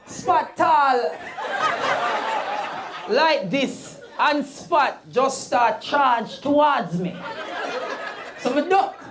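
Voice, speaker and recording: A Jamaican woman doing animated stand-up storytelling in patois on a comedy stage. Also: sits high. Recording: live crowd laughing.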